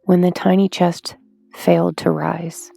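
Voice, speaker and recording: A woman narrating a horror story in a hushed, drawn-out way, sometimes dropping to a whisper. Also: on the low side, little pitch movement, creaky, dry recording. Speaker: audiobook narrator.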